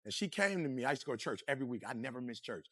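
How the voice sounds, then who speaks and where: A man giving a motivational speech, energetic and preachy, full of slang and talking straight to the crowd. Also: mid-range voice, rapid-fire, no room sound, clean studio sound. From Detroit, USA. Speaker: motivational speaker.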